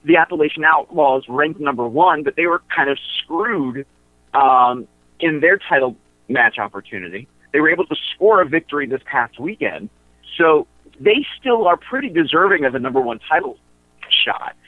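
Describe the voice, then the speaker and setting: A man calling in to a radio show, talking through wrestling matchups in a halting way, with lots of fillers and restarts. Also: fairly high pitch, lively intonation, no echo. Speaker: wrestling promotion insider guest. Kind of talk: casual radio chat. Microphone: phone. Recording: tinny phone line.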